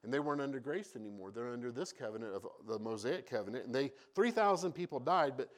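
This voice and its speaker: This pastor talks fast, his voice medium in pitch, as he preaches through Bible stories with animation. He throws in jokes on the side and performs each character's voice.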